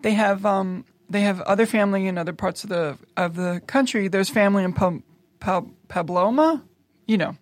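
A woman's voice: mid-range voice, normal speed, no echo. A woman co-hosting a casual chat, retelling a film's plot and acting out the characters' lines as she goes. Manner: animated storyteller, acting out family members' lines. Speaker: podcast co-host.

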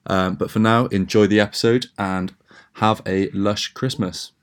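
A man co-hosting a casual podcast, chatty and relaxed with frequent ums. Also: lowish voice, a little slow. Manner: relaxed, chatty, announcements with fillers. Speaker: podcast co-host.

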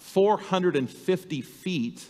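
A man's voice: high voice, expressive, takes it slowly, darkish tone. A man preaching a sermon as pastor, earnest and vivid, acting out the voices he quotes. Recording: reverberant hall.

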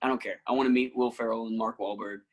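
A man's voice: mid-range voice, quick pace, poor audio. A man, an actor and musician, telling casual stories as a guest and acting out the people he quotes. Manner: animated anecdotes, acting out quotes, frequent laughs. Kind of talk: casual storytelling.

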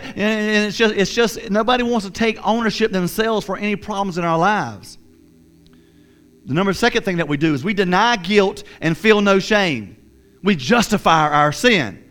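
A man's voice: sits high, normal speed, a bit bright, smooth. A man preaching a sermon, earnest and repetitive, often voicing the thoughts of a guilty listener. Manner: earnest, repetitive, acts out inner voices. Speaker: pastor.

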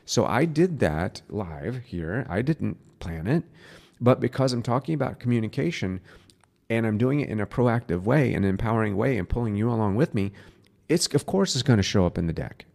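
Low gravelly guy teaching spiritual stuff casually, earnest, gets soft and slow sometimes. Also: lively intonation. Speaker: spiritual teacher and podcast host.

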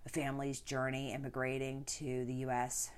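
Low-voiced chatty woman podcaster. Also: normal speed. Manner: chatty, animated, playful asides. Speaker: podcast host. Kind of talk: casual podcast chat.

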